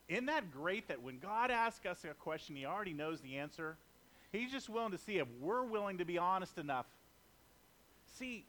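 A man's voice: high voice, pushed and bright. A man preaching a sermon in a conversational way, mixing jokes and acted-out quotes into his points.

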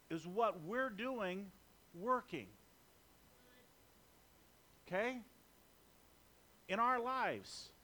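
A man's voice: high voice, pushed and bright. A man preaching a sermon in a conversational way, mixing jokes and acted-out quotes into his points.

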